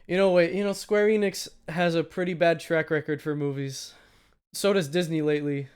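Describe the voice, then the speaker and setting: A man's voice: a little high, fairly even intonation, moderate pace, a little mellow, clean tone. A man co-hosting a film review podcast, chatting casually, laughing often and wandering into asides. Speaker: podcast co-host.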